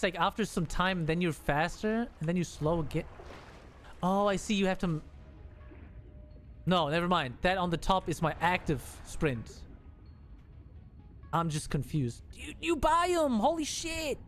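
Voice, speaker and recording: A male streamer giving casual gameplay commentary, excitable and swearing, with frequent laughs. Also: sits high, moderate pace, pauses often, faint music behind.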